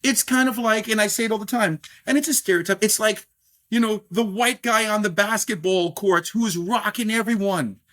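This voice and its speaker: This middle-aged man from New York owns a scotch brand and is being interviewed on a podcast. His voice sits high and he speaks at normal speed, animated and prone to fillers and restarts.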